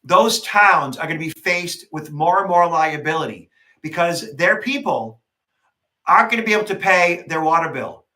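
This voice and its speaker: A man co-hosting a podcast, telling a story in casual conversation, animated and emphatic. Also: fairly high pitch, normal speed. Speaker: podcast co-host, security expert.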